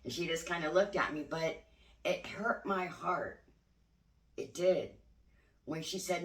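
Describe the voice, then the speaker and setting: Older grandma lady, bright tone, earnest spiritual chat, echoey room, kinda far from the mic. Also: lowish voice, slow pace, long pauses. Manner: candid, earnest, occasionally swears. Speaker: spiritual vlogger. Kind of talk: reflective spiritual talk. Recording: roomy sound, voice away from mic.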